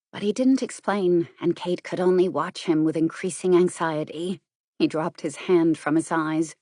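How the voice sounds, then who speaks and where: A woman with a lowish voice narrates an audiobook in an even, composed way. Her reading is recorded close and dry, in a quiet studio with no room sound. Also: a little slow, slightly rough, no echo. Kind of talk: scripted narration.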